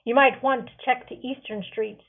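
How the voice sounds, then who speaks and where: A woman's voice: on the high side, steady tone, normal speed, pitched above the performer's own voice. Brief: a lookout man calling down, read by a woman, raised voice, tinny audio. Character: watchful man in a tree, scout. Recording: tinny phone-like sound.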